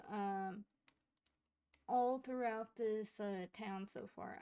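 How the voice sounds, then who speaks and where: A woman's voice: mid-range voice, warm tone, clear, resonant tone. A woman casually narrating a life-simulation game, chatting to her characters as she plays. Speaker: gaming streamer. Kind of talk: casual let's-play narration.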